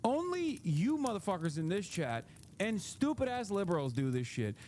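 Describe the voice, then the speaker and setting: Man, livestream host, high voice, profane heated commentary, animated. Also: normal speed, a little hiss or hum. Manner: animated, often laughing. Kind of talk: casual live commentary.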